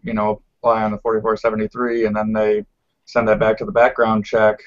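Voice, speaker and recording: A man explains a point in a casual panel chat, sprinkling in plenty of fillers. His voice sits on the low side. The audio is dull and lo-fi. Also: a little fast, creaky.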